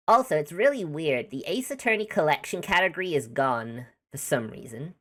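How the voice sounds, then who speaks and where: A woman's voice: sits low, expressive, normal speed, hardly any pauses, fairly bright tone. A woman streamer chatting casually and giggling while she plays a game.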